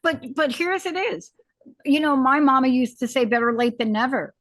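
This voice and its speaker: A woman's voice: high voice, moderate pace, fairly bright tone, no room sound. A woman hosting a podcast conversation, encouraging and folksy, often affirming her guest. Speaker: podcast host. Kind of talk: conversational interview.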